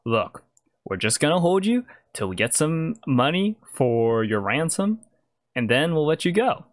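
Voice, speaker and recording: A man's voice: on the high side, big pitch swings, measured pace, no room sound, studio quality, pitched above the performer's own voice. A man voicing a bossy female snake-folk kidnapper who leads a gang, in a tabletop game. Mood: coaxing. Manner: exasperated, bossy. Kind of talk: tabletop role-play voice.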